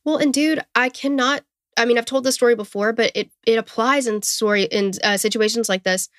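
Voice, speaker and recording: A woman with a Southern US accent, co-hosting a true crime podcast in a relaxed, chatty way. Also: a little high, a little fast, dry recording, clean studio sound. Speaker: podcast co-host. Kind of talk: casual true crime storytelling.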